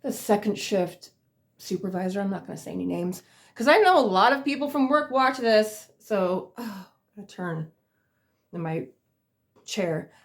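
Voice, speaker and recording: A woman's voice: medium pitch, animated, normal speed. A woman casually telling funny work stories on her vlog, rambling with lots of fillers and laughing at herself. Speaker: vlogger. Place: at home in a chair.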